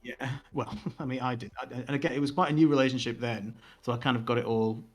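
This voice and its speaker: A man's voice: medium pitch, steady tone, quick pace, hardly any pauses, faint music behind. A young man co-hosting a podcast, telling a long, casual story full of fillers and mocking quoted voices. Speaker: podcast co-host.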